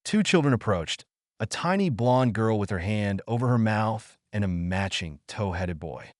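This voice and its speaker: A man narrating an audiobook with expressive storytelling. His voice is low and moves a lot in pitch. The recording is close and dry. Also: moderate pace, no room sound.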